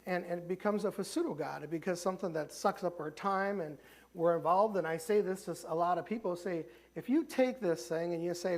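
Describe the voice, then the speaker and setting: A man's voice: sits high, a little fast. A man with a Midwestern American accent preaching a sermon as pastor in a church sanctuary, talking conversationally with many restarts. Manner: conversational preaching, frequent restarts, voices the characters he retells.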